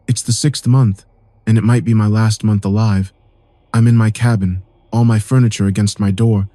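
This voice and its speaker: A man narrating a first-person horror story in a calm, steady telling. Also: on the low side, dry recording.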